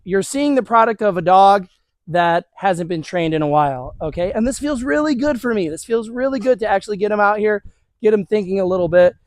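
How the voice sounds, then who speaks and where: A man's voice: high voice, lively intonation, a little fast, no room sound. A man working as a dog trainer, casually talking viewers through a hands-on demonstration with his dog outdoors.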